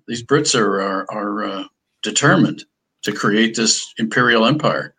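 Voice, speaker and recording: A man with a husky, low voice in a podcast conversation. He speaks earnestly and often restarts his sentences. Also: measured pace, fairly bright tone, poor audio.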